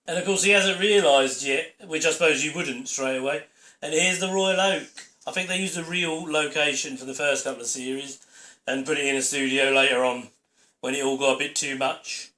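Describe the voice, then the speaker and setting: Chatty man, bright roomy voice. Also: mid-range voice. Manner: chatty, rambling, opinionated. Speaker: channel host. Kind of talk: DVD audio commentary. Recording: roomy echo.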